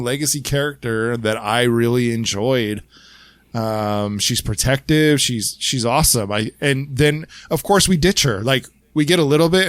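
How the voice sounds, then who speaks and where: A man co-hosting a casual podcast, talking in a relaxed, agreeable way. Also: mid-range voice, no room sound. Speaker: podcast co-host.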